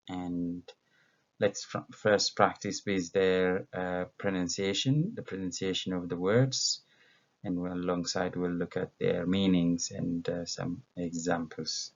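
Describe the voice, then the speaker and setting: A man with a very low, gravelly voice teaches English vocabulary at an unhurried pace. He is from Ethiopia and talks patiently, pausing on fillers and correcting himself as he goes. The recording sounds dull and lo-fi. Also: fairly even intonation. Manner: slow, patient, with many fillers and self-corrections.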